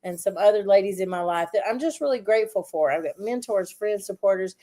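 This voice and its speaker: A woman's voice: mid-range voice, lively intonation, quick pace, dark tone. A woman with a Southern US accent, hosting a casual podcast chat in a teasing, chuckling manner. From Southern United States. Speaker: host.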